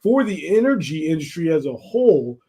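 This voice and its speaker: A man's voice: a little high, very animated, brisk, mellow. A man co-hosting a podcast, telling stories in a loose, rambling way with many fillers. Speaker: podcast co-host. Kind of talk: casual chat.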